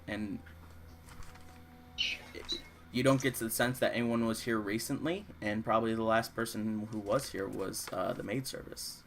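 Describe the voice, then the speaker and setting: A man's voice: fairly low pitch, a bit bright, a little hiss or hum. A man running a tabletop game as dungeon master, narrating casually with many fillers.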